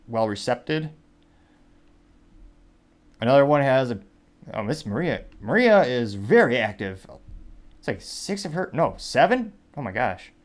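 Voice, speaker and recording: A man hosting a commentary show, reading social media posts and memes aloud with wry, rambling asides. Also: mid-range voice. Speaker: host.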